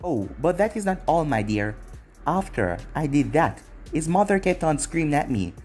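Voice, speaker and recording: A man's voice: on the high side, big pitch swings, moderate pace, darkish tone, soft background music. A man voicing a cruel, smug young male ninja who taunts his former friends with mocking chuckles.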